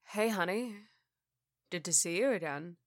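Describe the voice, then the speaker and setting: A woman voicing a young husband who speaks calmly and gently, in an audiobook reading. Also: fairly low pitch, measured pace, no echo, studio quality. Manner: soft, calm reassurance. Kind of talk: audiobook character voice.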